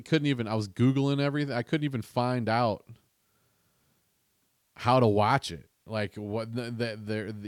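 A man's voice: lowish voice, smooth, dry recording, clean studio sound. A man hosting a casual podcast, rambling and chatty, often restarting his sentences. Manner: rambling, self-interrupting, chatty. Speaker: podcast host.

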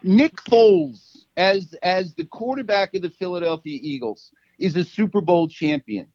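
A man's voice: high-pitched, animated, moderate pace, darkish tone, no echo, lo-fi sound. A man co-hosting a casual sports podcast, playful and joking, laughing often. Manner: playful, laughs a lot, jokey asides. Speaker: podcast co-host.

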